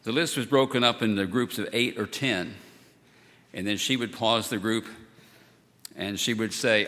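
A man preaching a sermon as pastor, measured and solemn, leaning on emphatic repetition, in a church sanctuary. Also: lowish voice, fairly even intonation, fairly bright tone. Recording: long church hall reverb.

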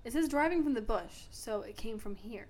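A woman's voice: on the high side, animated, moderate pace, a little mellow. A young woman hosting a podcast in giggly, chatty casual conversation. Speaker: podcast host. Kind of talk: casual chat.

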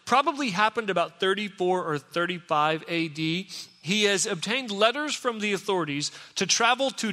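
Guy preaching a sermon, high bright voice, chatty storyteller, big echoey hall. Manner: storytelling, conversational, acts out quotes. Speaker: pastor.

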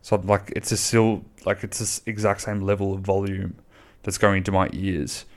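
Gravelly man, rambling and sweary. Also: sits low, little pitch movement, normal speed. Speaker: podcast host. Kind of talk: casual solo podcast chat.

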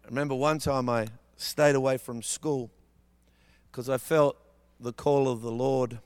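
A man's voice: medium pitch, fairly even intonation, unhurried, darkish tone, clear, resonant tone. A man preaching as a guest speaker, telling humorous stories from his childhood in a loose, anecdotal sermon style.

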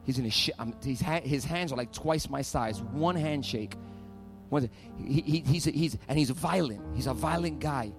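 A man preaching a sermon as pastor, telling stories with animated energy and building to loud, fervent preaching. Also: medium pitch, moderate pace, over music.

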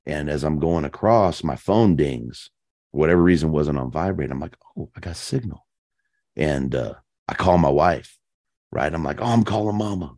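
Very deep-voiced man, dry sound. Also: normal speed, no room sound. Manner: animated, slangy, peppers speech with "man" and "dude". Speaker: podcast guest telling hunting stories. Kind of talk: casual storytelling chat.

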